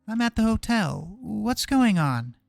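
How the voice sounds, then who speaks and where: A man reading aloud in a high voice as a nervous woman waiting by a hotel phone in a video game script. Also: big pitch swings, normal speed, vocal fry, no echo, exaggerated voice. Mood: frightened. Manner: shaky, frightened.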